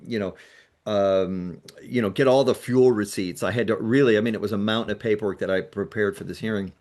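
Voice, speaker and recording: Man telling a story in an interview. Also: on the low side. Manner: lively retelling that acts out other people's lines. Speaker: guest, nonprofit founder.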